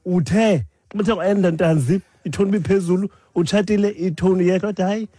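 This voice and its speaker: A man's voice: high voice, fairly quick, mellow, husky, no room sound. A man co-hosting a radio chat, explaining things wryly and teasing his partner. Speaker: radio co-host. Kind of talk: casual chat.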